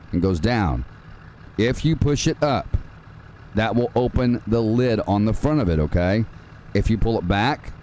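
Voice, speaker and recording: Hosting a live farming-game stream, this man walks viewers through the controls in a relaxed, chatty manner, calling them "man" and "dude." His voice sits on the low side with a dark tone, and there's slight background noise.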